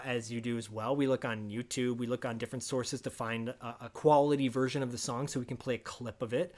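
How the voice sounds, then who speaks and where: A man co-hosting a casual podcast, telling a long story with lively asides and quoted voices. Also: mid-range voice. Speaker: podcast co-host. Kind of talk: casual chat.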